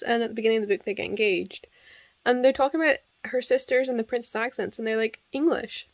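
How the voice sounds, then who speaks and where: A young Scottish woman chatting casually to camera in a vlog, wry and quick to laugh. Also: on the high side. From Scotland. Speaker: book vlogger.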